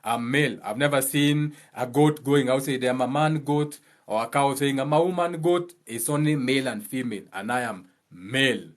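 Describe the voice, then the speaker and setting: A man's voice: medium pitch, moderate pace, hardly any pauses. A man hosting his channel, giving a blunt, impassioned monologue full of profanity and repeated phrases for emphasis. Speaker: channel host.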